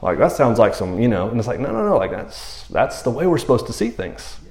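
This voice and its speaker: A man gives a sermon in loose, casual speech, often slipping into the voices of the people in the story. His pitch swings widely as he talks. The sound is roomy, with a clear echo around his voice. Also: a little fast. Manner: animated, slangy, acts out quotes in character voices. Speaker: pastor.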